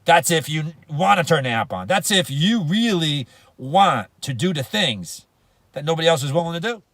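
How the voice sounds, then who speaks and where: A man's voice: a little high, expressive, moderate pace, a bit bright, dry recording. A man giving a motivational business talk, emphatic and slangy, repeating phrases for punch. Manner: slangy, casual grammar. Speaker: network marketing speaker.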